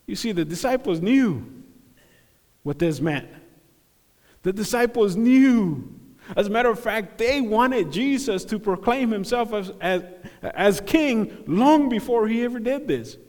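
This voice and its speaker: A man preaching a sermon, animated, acting out the crowd's voices and dropping to hushed tones. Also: high voice, measured pace, big-room sound. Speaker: pastor.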